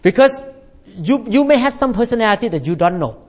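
A man's voice: high voice, very animated, fairly quick, a little mellow, lo-fi sound. A male pastor delivering a sermon in slightly non-native English phrasing, emphatic and punctuating his points with "Amen".

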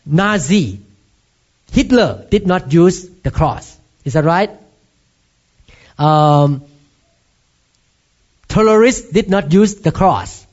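A man with a Thai accent delivers an emphatic sermon as a pastor, his voice sitting notably high for a man. He presses his congregation with rhetorical questions. The recording sounds dull and lo-fi. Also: a little mellow. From Thailand.

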